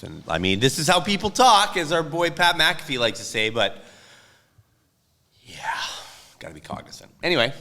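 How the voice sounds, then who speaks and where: A man's voice: deep voice, vocal fry, pushed and bright. A man co-hosting a hockey podcast, telling rambling, self-deprecating stories in casual chat. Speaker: podcast co-host.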